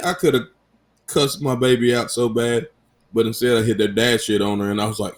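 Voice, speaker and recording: A man in his thirties talks alone into his podcast mic, loose and unscripted. He swears freely and jokes his way through family stories, his voice sitting at an ordinary middle pitch. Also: fairly even intonation, fairly quick. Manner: profane, joking, storytelling. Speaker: podcast host. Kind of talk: casual solo podcast chat.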